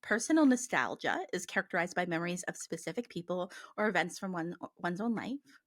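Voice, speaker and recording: A woman's voice: on the low side, sing-song, a little fast, no echo. Chatty woman with a dry, close sound. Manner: chatty, heavy use of "like", reads passages aloud. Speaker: podcast co-host and medium. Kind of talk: casual chat.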